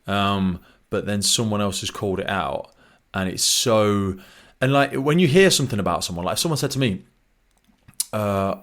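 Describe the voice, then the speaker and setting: A man hosting a podcast interview, chatty and animated, often acting out quoted remarks. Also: lowish voice, moderate pace. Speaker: podcast host. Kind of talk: conversational interview.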